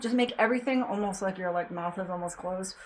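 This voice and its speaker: A woman's voice: mid-range voice, fast, rough recording. A woman teaching a casual singing lesson, chatty, breaking off to demonstrate sung notes.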